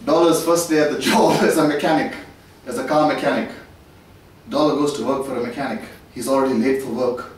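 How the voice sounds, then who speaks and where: A medium-pitched voice with fairly even intonation moves at a fairly quick pace. The man tours an office suite for laughs and delivers a long comic tale, chuckling at each punchline, recorded from a distant camera in a very echoey room.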